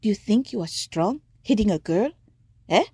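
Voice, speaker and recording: A woman's voice: medium pitch, animated, normal speed, mellow, breathy edge, dry recording, voice pushed up. A woman voicing a bold, hot-tempered young girl who talks back indignantly. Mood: defiant. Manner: defiant, indignant.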